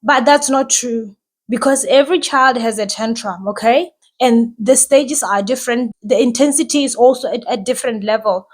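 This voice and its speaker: A woman's voice: on the high side, moderate pace, breathy edge. A woman who hosts a podcast and talks as a mother, giving casual, reassuring advice and often asking "right?".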